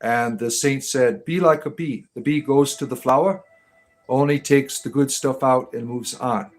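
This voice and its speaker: A man's voice: mid-range voice, fairly even intonation, unhurried. Rambling, teasing man hosting a livestream. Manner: rambling, teasing, many fillers. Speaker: livestream host. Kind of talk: casual livestream chat.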